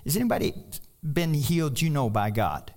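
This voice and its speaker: Guy preaching, folksy and jokey, kinda high voice that climbs when he gets going. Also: expressive, moderate pace, a little mellow. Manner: folksy, joking asides, voice rising on emphasis. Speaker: pastor. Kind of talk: sermon.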